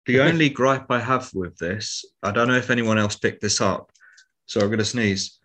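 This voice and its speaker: A man's voice: fairly low pitch, normal speed, fairly bright tone. A man, chatting hesitantly as a podcast co-host. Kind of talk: casual chat.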